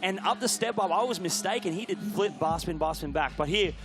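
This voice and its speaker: A man giving live sports commentary, excitable and bursting into shouts when something big happens. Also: sits high, brisk.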